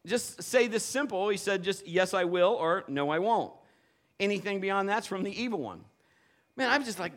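A man preaching a sermon, telling lively personal stories and acting out the voices of the people in them. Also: high-pitched, fairly quick. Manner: animated storytelling, playful quoted voices. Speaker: pastor.

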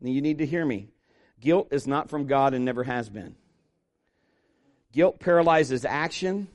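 A middle-aged man, a pastor, preaching a sermon with animated storytelling, acting out the voices of the people he quotes. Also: medium pitch, unhurried.

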